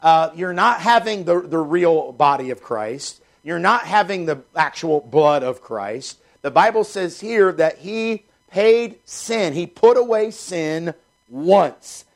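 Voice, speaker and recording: A man's voice: a little high, lively intonation, takes it slowly. A male pastor preaching a sermon, reading scripture and repeating points with rhetorical questions.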